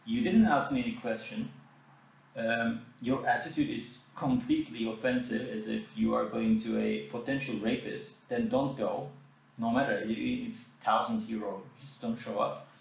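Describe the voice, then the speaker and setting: A man's voice: medium pitch, vocal fry. Indignant man in an echoey room. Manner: animated, indignant, mimics quoted exchanges. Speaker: photographer and podcast host. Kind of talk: casual podcast storytelling. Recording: echoey room, mic at a distance.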